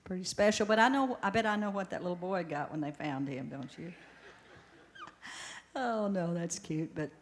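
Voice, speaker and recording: A woman's voice: lowish voice, expressive, measured pace, in a large hall, a little hiss or hum. An older woman hosting a live stage show, telling homespun jokes in a chatty, folksy way on a stage microphone. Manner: chatty and homespun, with small restarts. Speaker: show host.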